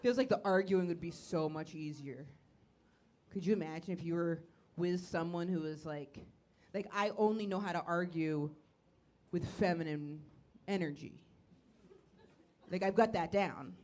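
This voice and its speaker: A woman's voice: on the low side, measured pace. Neurotic woman doing stand-up. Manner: neurotic, self-deprecating, swings into loud mock panic. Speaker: stand-up comedian. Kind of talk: stand-up set with crowd work. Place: comedy club stage, laughing audience. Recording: live club recording with audience noise.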